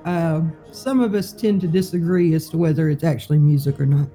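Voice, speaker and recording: A woman running a tabletop role-playing game as game master, playful and quick to laugh. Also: low voice, warm tone, soft background music.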